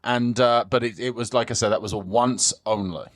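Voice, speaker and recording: A man's voice: mid-range voice, fairly even intonation, fairly quick, no room sound. An English-accented man co-hosting a podcast in a goofy, self-mocking way. He rambles a bit as he talks. The sound is dry, with no room to it. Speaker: podcast co-host. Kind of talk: casual podcast chat.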